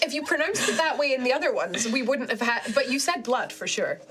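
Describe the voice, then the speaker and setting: A woman's voice: high-pitched, expressive, fairly quick, fairly bright tone. A woman player in casual banter at a tabletop game, teasing and insistent. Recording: clear background noise.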